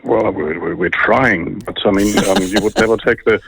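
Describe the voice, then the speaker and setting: A man's voice: lowish voice, moderate pace, creaky, fairly bright tone, breathy edge, low-quality recording. A middle-aged man from Germany with a German accent, a guest on a radio interview, explaining things articulately with dry humour. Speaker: think tank director, guest.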